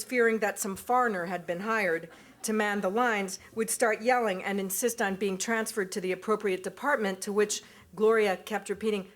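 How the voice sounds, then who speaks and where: A woman's voice: medium pitch, steady tone, moderate pace. A woman reading aloud from her own memoir at a university event, with a wry, amused delivery.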